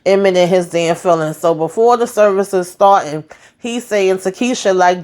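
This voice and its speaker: Woman, TV recap host, casual chat, exasperated, animated, slangy asides, acts out characters' lines. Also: medium pitch, normal speed.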